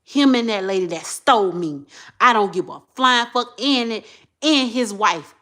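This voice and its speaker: A woman, talking straight to her viewers in an emotional monologue. She repeats herself and swings from low muttering to loud outbursts. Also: lively intonation, a little slow. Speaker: vlogger.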